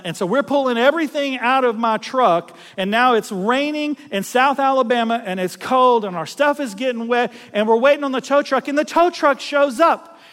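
Preaching in a big hall, this middle-aged man from South Louisiana spins a story-driven sermon with folksy energy. He acts out characters, chuckles at his own jokes, and speaks at an extremely high pitch.

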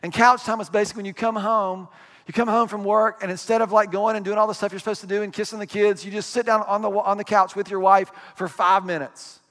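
Male pastor, high-pitched, chatty sermon delivery, reverberant hall sound. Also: steady tone, fairly bright tone. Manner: conversational preaching with asides and quick acted quotes.

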